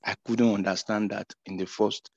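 Halting man on a muffled call. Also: on the low side, little pitch movement, vocal fry, darkish tone, dry recording. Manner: halting, repeats words, earnest. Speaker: participant. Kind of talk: casual faith sharing. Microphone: video call.

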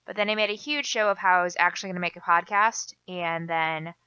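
A woman's voice: lowish voice, fairly quick, pushed and bright, clear, resonant tone, no echo, highs cut off. A young woman with a Minnesotan accent, hosting a casual podcast in a rambling, self-deprecating way that drifts off on side tracks. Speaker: podcast host.

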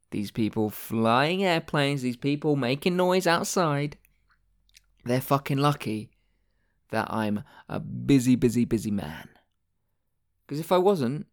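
A man hosting his own podcast, ranting angrily and swearing, repeating himself as he goes. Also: medium pitch. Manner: angry, sweary, repetitive ranting. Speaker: podcast host. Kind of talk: ranting monologue.

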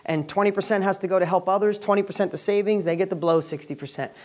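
A man hosting a weekly video and speaking to camera as a real estate educator, giving an energetic, upbeat motivational talk. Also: high voice, fast talker.

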